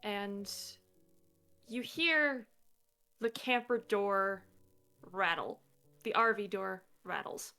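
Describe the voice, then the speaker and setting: A woman narrating a tabletop role-play game as game master, measured and descriptive. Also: mid-range voice, vocal fry, bright, forceful tone, soft background music.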